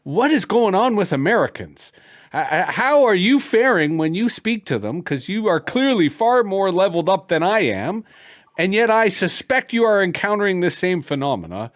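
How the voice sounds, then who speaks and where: A man from Canada with a Canadian accent, hosting a podcast interview in an animated, hammy way with stammered restarts. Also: high-pitched, normal speed. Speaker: podcast host.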